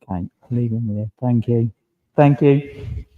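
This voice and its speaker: A man working as a medium in a church service, gently relaying spirit messages and checking in with a questioning "yeah?" after nearly every phrase. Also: medium pitch, moderate pace, narrow, tinny audio, a little hiss or hum. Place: village hall.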